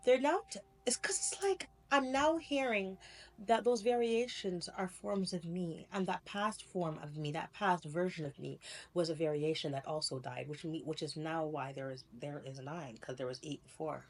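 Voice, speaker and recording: Rambling, animated woman telling a story. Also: sits low, normal speed. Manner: rambling, animated, laughs often, self-correcting. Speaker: spiritual vlogger. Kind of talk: casual storytelling to camera.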